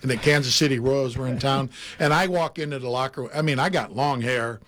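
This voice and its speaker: An older man, a former baseball player, telling animated anecdotes in casual chat and laughing often. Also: medium pitch, brisk, a little hiss or hum.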